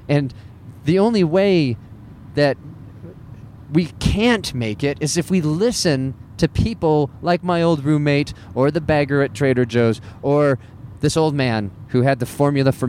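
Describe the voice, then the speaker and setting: Animated, fairly high-voiced male comedian. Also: a little hiss or hum. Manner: animated, self-deprecating, with wry laughs. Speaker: stand-up comedian. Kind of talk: casual motivational monologue.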